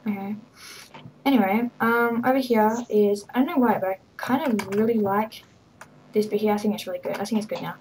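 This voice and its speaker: A woman's voice: medium pitch, fairly even intonation, fairly quick, a little mellow, a little hiss or hum, rough recording. A woman giving a rambling, hesitant walkthrough of her game server, full of ums and little laughs. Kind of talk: casual game walkthrough commentary.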